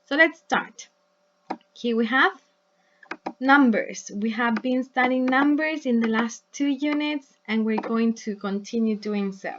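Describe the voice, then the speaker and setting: Slow, patient woman teacher. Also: fairly high pitch, fairly bright tone, lo-fi sound, slight background noise. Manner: patient, checks in with "right?" and "yes?"; models words slowly for repetition. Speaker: English teacher. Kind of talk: recorded online lesson.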